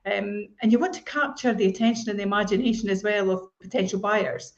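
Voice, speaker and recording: A woman's voice: medium pitch, a little fast, highs cut off. A woman co-hosting a casual property advice chat, talking in a conversational way with tag questions. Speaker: estate agent co-host.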